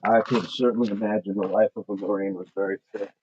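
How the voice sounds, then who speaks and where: A man's voice: fairly low pitch, fairly even intonation, fast. A middle-aged man hosting a fitness livestream outdoors, reading viewer comments aloud and counting out his reps between casual remarks. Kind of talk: casual livestream chat while exercising. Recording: dull lo-fi sound with faint noise.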